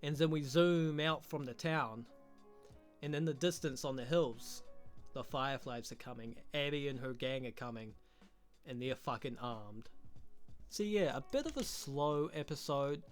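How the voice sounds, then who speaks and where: A man's voice: medium pitch, unhurried, soft background music. A man reviewing a show in a casual vlog, crude, profane and mocking.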